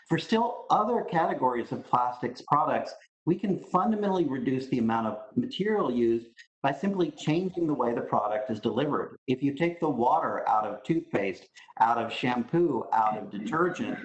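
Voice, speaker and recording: A man makes his case as a panelist, firm and emphatic as he builds each point. His voice sits in the middle range, and the room echoes around a slightly muffled sound. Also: mid-range voice. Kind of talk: online panel discussion remarks.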